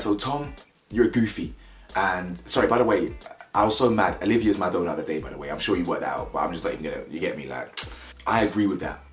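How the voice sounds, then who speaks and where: A young British man giving blunt, slangy, mocking commentary on a reality show. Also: sits low. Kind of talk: opinionated reaction commentary. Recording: echoey room with faint music.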